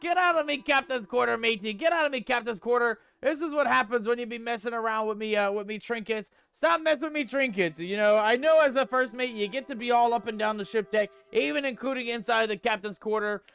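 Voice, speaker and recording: A man's voice: very high voice, a little fast, vocal fry, hardly any pauses, a bit bright, clear, resonant tone, soft background music, full character voice. A man playing a swaggering male pirate ghost captain in a game stream, full of pirate slang and playful bluster. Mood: mock-scolding.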